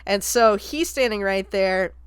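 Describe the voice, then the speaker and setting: A young adult woman hosting a podcast, casually retelling a film's plot in a profane, animated way and slipping into voices. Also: medium pitch, measured pace, clear, resonant tone, no echo, clean studio sound. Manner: profane, animated storyteller who jumps into quoted voices. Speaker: podcast host. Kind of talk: casual film review retelling.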